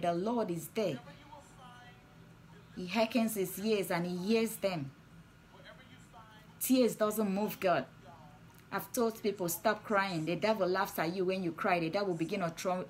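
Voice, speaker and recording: A woman preaching and praying on a livestream, with fervent, repetitive declarations. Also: mid-range voice. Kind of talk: livestream sermon and prayer. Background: soft music.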